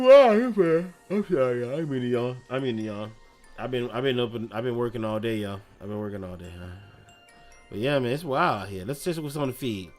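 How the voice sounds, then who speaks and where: A man streaming live, reacting to clips in casual, slangy chat and laughing often. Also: mid-range voice.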